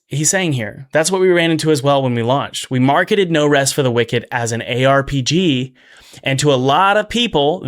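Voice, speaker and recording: A man with a somewhat high speaking voice hosts a relaxed commentary video on making games. He stays energetic and chatty, tripping over restarts and asides, and leans hard on the phrases he wants to land. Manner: emphatic, repeating key phrases for effect. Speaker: game developer and video host. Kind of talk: casual commentary to camera.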